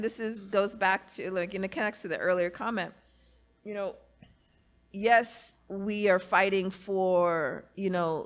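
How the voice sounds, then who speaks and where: A woman guest speaking earnestly and reflectively in a conversation, often adding "you know" and "right". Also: medium pitch. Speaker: guest, academic and author. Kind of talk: casual conversation.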